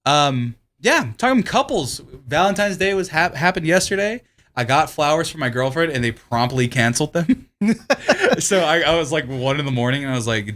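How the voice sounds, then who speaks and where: A man's voice: fairly high pitch, a little fast, fairly bright tone. A man co-hosting a podcast in casual chat, rambling and profane, laughing often as he tells stories. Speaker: podcast co-host.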